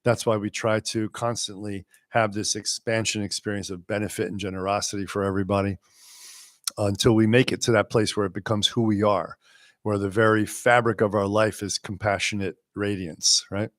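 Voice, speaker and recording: A man teaching a live question-and-answer class, talking in a relaxed, wry way and sometimes slowing to a quiet, measured voice. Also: on the low side, no room sound, studio quality. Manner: unhurried, wry, sometimes drops to a quiet slow voice.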